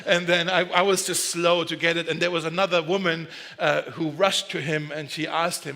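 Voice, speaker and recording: A man's voice: fairly high pitch, fairly even intonation, normal speed, gravelly, hardly any pauses, sharp tone. A man preaching a sermon in a casual, joking way, often correcting himself mid-sentence. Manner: conversational and joking, with self-corrections. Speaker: pastor. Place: large church hall. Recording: long hall reverb.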